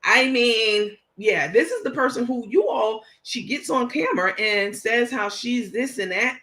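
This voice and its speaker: Bright-voiced indignant New York woman. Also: on the high side, lively intonation, unhurried. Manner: indignant, emphatic, reads messages aloud. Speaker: host. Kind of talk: livestream commentary.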